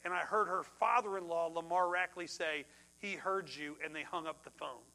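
A middle-aged man, a pastor preaching a sermon and telling a personal story, swinging from loud outbursts to hushed tones. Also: a little high, fairly even intonation, normal speed, creaky, low-quality recording.

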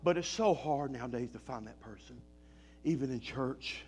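A man preaching a sermon and reading scripture aloud, moving between loud emphatic lines and low quiet ones. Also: normal speed, faint music behind. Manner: reads scripture in old-fashioned wording.

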